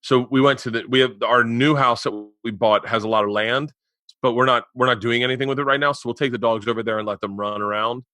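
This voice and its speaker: A man in his forties hosts a casual podcast chat, rambling through stories and getting loud as they build. His voice is bright and forceful. The sound is close and dry. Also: medium pitch, no room sound. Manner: rambling storyteller, gets loud and laughing in anecdotes. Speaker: podcast host. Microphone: remote podcast mic.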